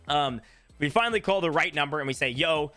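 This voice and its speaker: A man's voice: a little high, fast talker, no room sound, soft background music. A young man from Tennessee casually telling a long story to his channel, acting out what people said. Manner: animated, acts out quoted voices. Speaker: YouTuber.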